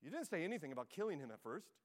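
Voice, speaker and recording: Excuse-making male ghost, read by a preacher in a high voice, hedging and flustered, always putting things off. Long echoing hall reverb around him. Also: sing-song, rapid-fire. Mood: evasive. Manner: hedging, evasive, politely flustered.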